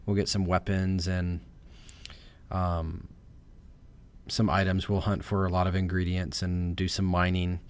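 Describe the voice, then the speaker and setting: A man with a Southern US accent giving casual commentary over a game in a relaxed, thinking-aloud way. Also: sits low, unhurried, clean tone. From American South. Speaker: let's play host.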